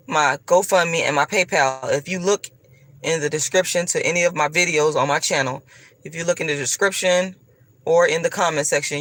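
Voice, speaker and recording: A woman's voice: sits low, a bit bright, no echo. A woman vlogger delivering a profane, combative, preachy rant straight to her viewers. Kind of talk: ranting monologue to camera.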